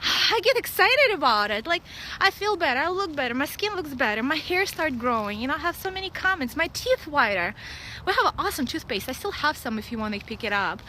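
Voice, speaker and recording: Russian-accented woman in her 30s, high and bright, outdoor phone vlog, faint background noise. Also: fairly quick, low-quality recording. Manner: blunt, excitable, laughs often. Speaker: vlogger. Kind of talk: casual live vlog. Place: outdoors at a dog park.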